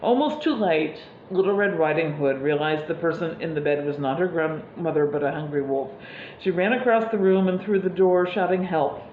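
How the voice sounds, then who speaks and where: A woman preacher telling a fairy tale in a sermon, unhurried, with fillers. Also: low voice, a little hiss or hum. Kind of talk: sermon storytelling. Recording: echoey room, slightly dull sound.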